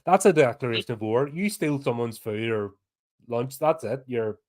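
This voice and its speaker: A man's voice: mid-range voice, animated, moderate pace, a little mellow. A man with a Northern Irish accent, co-hosting a podcast in casual chat, blunt and ranting, swearing freely. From Northern Ireland. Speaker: podcast co-host.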